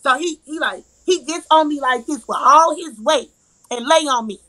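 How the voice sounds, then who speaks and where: A woman's voice: high voice, moderate pace, bright, forceful tone, no room sound, low-quality recording. A woman telling a heated personal story, emphatic and profane, acting out the arguments she quotes. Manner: profane, repetitive. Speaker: live-stream guest.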